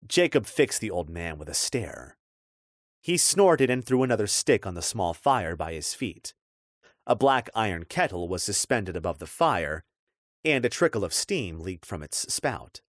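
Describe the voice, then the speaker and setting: A man narrating a dark fantasy audiobook in a measured, expressive storytelling voice. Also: lowish voice, dry recording, studio quality.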